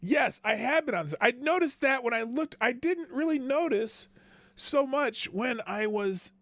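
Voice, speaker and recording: A man's voice: extremely high pitch, lively intonation, measured pace, a bit bright, no room sound. A man hosting a casual live stream, chatting in a rambling way, thanking viewers and reading news aloud.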